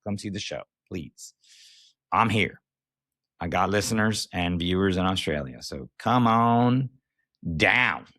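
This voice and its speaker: A man's voice: low voice, expressive, takes it slowly, pauses often, pushed and bright, no echo, clean studio sound. An American man and comedian hosting a solo podcast, talking candidly in a rambling, self-mocking way. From United States. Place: recording while on tour away from home.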